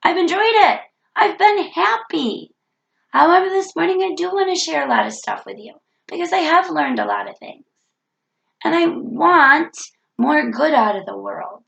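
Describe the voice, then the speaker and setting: A woman's voice: high voice, lively intonation, normal speed, gravelly, a bit bright, roomy sound, muffled recording. A woman with a cold talking earnestly into the camera in a reflective self-help vlog, repeating her key points. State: has a cold. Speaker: vlogger.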